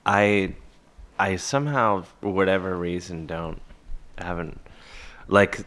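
A man's voice: deep voice, slow pace, fairly bright tone. A man from Cleveland, an actor, chatting casually on a podcast in a rambling, self-deprecating way. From Cleveland, Ohio. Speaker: actor and guest.

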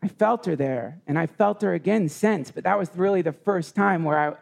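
A man with a raised pitch and a gravelly, rough edge tells a heartfelt personal story. He rambles and halts, circling back over his own words. The setting is a live retreat session. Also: darkish tone. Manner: rambling, halting with restarts. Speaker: podcast guest.

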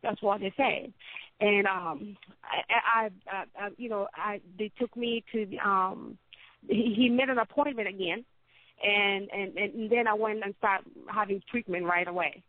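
A woman telling her own story as an interview guest, halting and often repeating words as she speaks. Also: medium pitch, fairly even intonation, dry recording. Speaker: interview guest, cancer survivor. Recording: tinny phone-like line, dry.

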